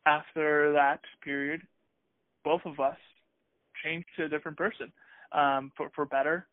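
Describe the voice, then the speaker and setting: A man chats casually on a podcast, hesitant and upbeat, often restarting his sentences. His voice sits a little high, and it sounds dry and thin, like a phone line. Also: little pitch movement, measured pace, no room sound. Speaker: podcast co-host. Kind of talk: casual conversational chat.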